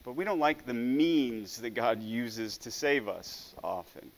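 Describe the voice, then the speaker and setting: A man's voice: medium pitch, slow. A man preaching a sermon in an earnest way, often stumbling over the first word of a phrase. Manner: earnest, with frequent stammered restarts.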